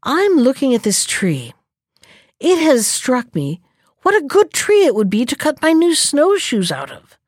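A woman voicing a sly, scheming male fox in a storybook reading, speaking in a smooth, falsely polite way. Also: high-pitched, wildly swooping pitch, a little slow, no echo, clean studio sound, voice pushed up, exaggerated voice.

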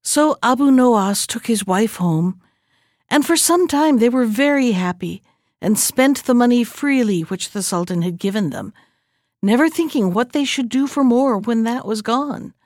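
A woman reading a fairy tale aloud in steady storybook narration. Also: on the high side, unhurried, dry recording, studio quality. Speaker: reader.

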